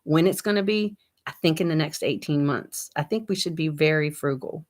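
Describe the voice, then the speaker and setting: A middle-aged woman cooks and chats on a livestream from her home kitchen, reading viewer comments in a casual, blunt way and swearing freely. She has a low voice with a darkish tone and talks at normal speed.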